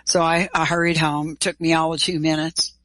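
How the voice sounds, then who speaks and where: A woman's voice: sits low, moderate pace, dry recording, low-quality recording. Middle-aged woman retelling a story, dry sound. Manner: lively, animated retelling with quoted dialogue and casual cursing. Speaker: guest. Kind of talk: personal storytelling in an interview.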